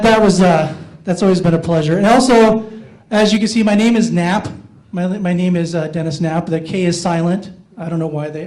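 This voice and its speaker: Middle-aged man with a high, unmasculine voice. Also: darkish tone. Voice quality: not very masculine voice. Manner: self-mocking, talks with the audience. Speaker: stand-up comedian. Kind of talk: stand-up comedy. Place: playhouse stage.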